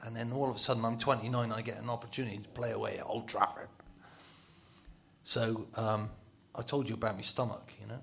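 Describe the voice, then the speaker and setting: A man's voice: on the low side, flat delivery, brisk, vocal fry, a bit bright, a little hiss or hum. A middle-aged man telling football stories in a casual talk, laughing often and dropping to a whisper for his inner thoughts. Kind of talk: casual storytelling on a talk show.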